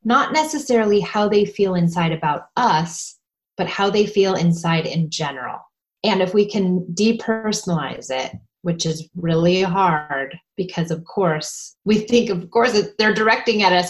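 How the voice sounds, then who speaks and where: A woman co-hosting a parenting podcast, explaining ideas in a calm, advice-giving way. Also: mid-range voice. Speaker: podcast co-host. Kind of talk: casual parenting podcast talk.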